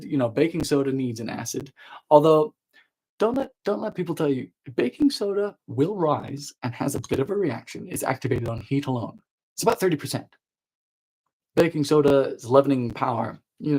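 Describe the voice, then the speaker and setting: Husky-voiced man hosting a baking live stream. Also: fairly high pitch, rough recording. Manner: chatty and playful, trailing off and restarting mid-sentence. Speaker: baking show host. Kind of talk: live-stream baking chat, reading viewer comments.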